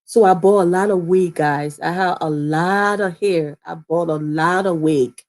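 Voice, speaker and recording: A young adult woman from Liberia talks straight to her viewers in a relaxed, rambling vlog. She repeats phrases and keeps calling out to her audience. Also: on the low side, unhurried. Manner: chatty, repeats phrases, often addresses viewers as guys. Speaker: vlogger. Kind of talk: casual storytelling to camera.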